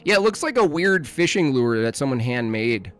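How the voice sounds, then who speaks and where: A man's voice: mid-range voice, sing-song, moderate pace. A man in absurd comedy banter, agreeing in a mock-profound way. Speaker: comedy podcast co-host. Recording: loud music behind.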